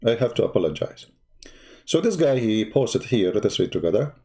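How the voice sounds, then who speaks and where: A man's voice: on the low side, sing-song, brisk, warm tone. A man hosting a livestream, speaking as an in a sarcastic, scolding way, often laughing at his opponent. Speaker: online broadcast host. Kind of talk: mocking livestream commentary.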